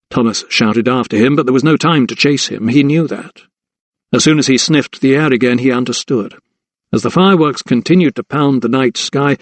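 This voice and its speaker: Reading scripted narration for a historical mystery audiobook, this man keeps a measured pace and builds suspense. He speaks at a middle pitch, captured in a close, dry recording with no room sound.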